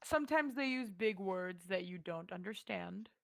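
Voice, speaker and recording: A woman's voice: mid-range voice, animated, moderate pace, vocal fry, no echo, studio quality. A young woman game master who rambles casually, searching for words with many fillers. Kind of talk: casual tabletop game chat.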